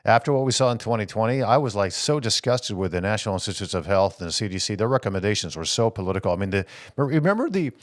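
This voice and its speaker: A man hosting a political talk show, reading viewer comments and answering them with animated rhetorical questions. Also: lowish voice, quick pace, hardly any pauses, no room sound, studio quality. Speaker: host.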